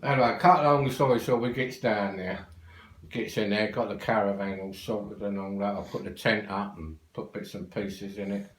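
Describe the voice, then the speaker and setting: A man's voice: fairly low pitch, fairly even intonation, normal speed, reverberant, poor audio. An older man with a London accent telling a long rambling family anecdote in a casual, swearing, cheerful way. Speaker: storyteller.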